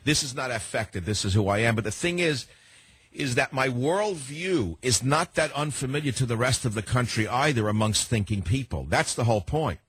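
A man's voice: medium pitch, animated, normal speed, a bit bright, husky. An older man with a New York accent, hosting a radio talk show in a combative, rambling way and often repeating himself. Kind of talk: opinionated talk radio monologue.

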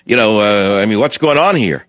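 A man's voice: on the low side, expressive, normal speed, a bit bright, no room sound. An older man hosting a talk radio show, emphatic and combative, repeating his lines for effect. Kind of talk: talk radio monologue and call-in. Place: radio studio. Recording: dry, slightly dull studio sound.

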